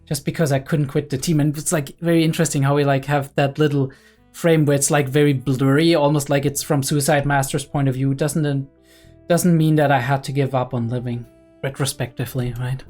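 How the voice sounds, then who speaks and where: A young man talks through an anime episode in an easygoing reaction style. He is excited and analytical, and keeps adding "right?" and "like" as he thinks aloud. His voice sits in a middle range, with faint guitar music playing underneath. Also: medium pitch, brisk. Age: young adult. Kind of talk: casual reaction commentary.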